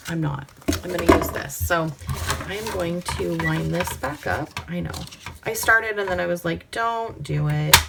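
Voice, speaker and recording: A woman's voice: lowish voice, normal speed, creaky, very noisy. A woman hosting a crafting vlog, chatting to herself and her viewers as she works, sometimes dropping to a whisper. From Pacific Northwest. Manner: chatty, talks to herself while working, drops to soft whispers. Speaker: crafting channel host. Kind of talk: casual crafting vlog chat.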